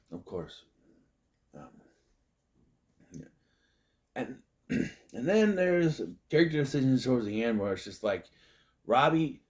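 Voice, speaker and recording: A man recapping a movie in a loose, casual way, often slipping into quick put-on voices to act out the scenes. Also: medium pitch, a little mellow. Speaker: movie reviewer.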